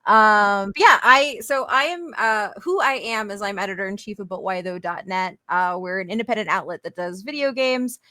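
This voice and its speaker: A woman's voice: medium pitch, moderate pace, few pauses, pushed and bright, no echo, clean studio sound. A woman from Texas, a podcast guest chatting casually and enthusiastically. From Austin, Texas. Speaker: podcast guest, editor-in-chief.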